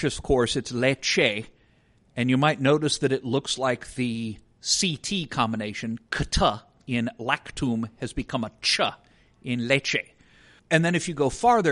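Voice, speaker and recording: A man's voice: medium pitch, a bit bright. Man explaining things in casual podcast chat. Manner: explanatory, walks through examples step by step. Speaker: podcast co-host.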